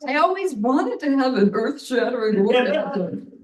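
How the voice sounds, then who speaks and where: A woman's voice: high voice, sing-song, a little slow. A woman telling a frank, bawdy comic story to a live audience, laughing at her own lines. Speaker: storytelling performer. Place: live venue in front of an audience. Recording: roomy audience mic from a distance.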